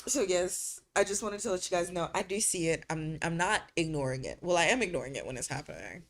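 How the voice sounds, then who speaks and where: A woman streamer chats casually in a low-leaning, expressive voice at a brisk pace. Her humor is crude and teasing, she laughs often, and she trails off into fillers between thoughts.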